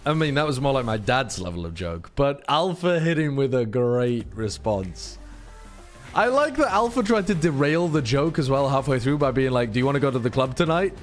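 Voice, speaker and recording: Sweary Englishman bantering, lively pitch. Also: soft background music. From Britain. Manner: sweary, joking, quick banter. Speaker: watch party co-host. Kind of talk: casual chat.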